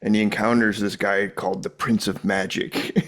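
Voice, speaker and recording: A man on a podcast as a guest, recounting stories in a relaxed, chuckling way. His voice sits fairly low. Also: moderate pace. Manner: laid-back storyteller, chuckling. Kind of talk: casual chat.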